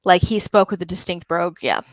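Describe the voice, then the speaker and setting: A woman's voice: lowish voice, expressive, a little fast, no echo. Woman, casual co-writer, filler-heavy advice. Dry, close sound. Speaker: co-writer on stream. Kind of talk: casual chat.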